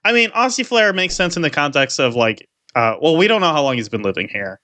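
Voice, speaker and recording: A playful podcast co-host trades teasing remarks in casual chat. The voice is bright and pointed, with pitch that jumps around. It is recorded close and dry, with no room sound. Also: big pitch swings, a little fast, dry recording.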